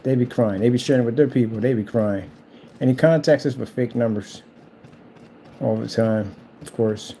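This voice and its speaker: Male vlog host, gravelly and mellow, rambling and mocking. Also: mid-range voice, moderate pace, slight background noise. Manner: taunting, rambling and repetitive. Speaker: channel host. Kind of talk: casual trash-talking monologue.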